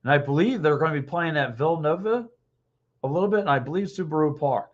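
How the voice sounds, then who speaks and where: A man in his fifties hosting a podcast, talking sports alone and reading out live comments, blunt and excitable, repeating himself, a little hoarse with a dry throat. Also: a little high, fast. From Philadelphia. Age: 50s. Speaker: podcast host. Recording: dull lo-fi stream audio.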